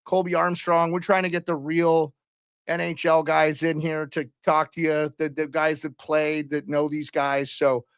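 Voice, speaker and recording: A man's voice: on the high side, flat delivery, measured pace, clear, resonant tone, no room sound, clean studio sound. A man hosting a casual live hockey stream, chatting loosely and calling out viewers and their locations. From Canada.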